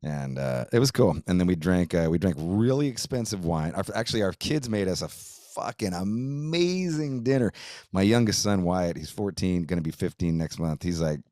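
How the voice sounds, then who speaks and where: A man's voice: low voice, lively intonation, normal speed, a little mellow, no echo, clean studio sound. A middle-aged man, hosting a podcast and telling a long casual story, rambling and profane, saying "dude" and "like" a lot. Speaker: podcast host.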